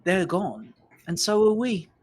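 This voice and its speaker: A sour, mocking woman miner who patronizes everyone around her, as a game master puts her on. Her voice swoops high with scorn and sinks low and tired, full of theatrical sarcasm. Told aloud at a tabletop game. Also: sing-song, a little slow. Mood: weary.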